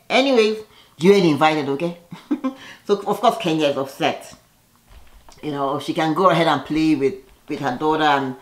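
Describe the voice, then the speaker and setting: A woman's voice: fairly low pitch, fairly bright tone. Chatty gossiping woman in an echoey room. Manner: chatty and gossipy, says "girl" and "you know" often. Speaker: reality TV recap vlogger. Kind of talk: casual chat.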